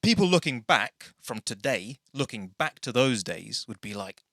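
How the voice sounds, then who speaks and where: A man's voice: medium pitch, very animated, normal speed, sharp tone, no room sound, clean studio sound. A man hosting a casual podcast, rambling through tangents and correcting himself as he goes. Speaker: podcast host.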